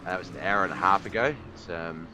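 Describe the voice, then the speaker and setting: A man's voice: sits low, fast, noisy background. Scattered man hosting a sim race stream. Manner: scattered, apologetic, thinking aloud. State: hiccups. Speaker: race commentator and stream host. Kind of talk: live sim racing broadcast commentary. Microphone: headset.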